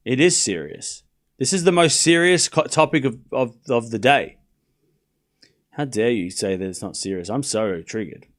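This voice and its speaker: Male streamer, animated pitch, mid voice, playful mock-indignant banter, live tennis watchalong calls. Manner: playful mock outrage while reading viewer messages. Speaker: streamer calling a tennis match.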